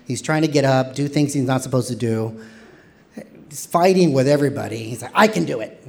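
A man in his thirties from Texas tells a candid personal story on stage. His delivery is wry and animated, slipping into quoted voices, with a mid-range pitch. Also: a little fast, creaky.

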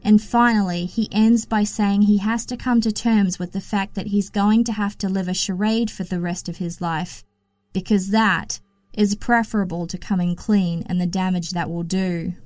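A woman hosting a podcast, narrating a true-crime story in an even, matter-of-fact way. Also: mid-range voice, moderate pace, no room sound, faint music behind. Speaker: podcast host.

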